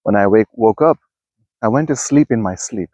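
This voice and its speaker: A man's voice: lowish voice, animated, normal speed, dark tone, no room sound. A man hosting a self-help video, talking casually and rambling in a backyard, often restarting his sentences. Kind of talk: casual spoken musing to camera. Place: outdoors in a backyard.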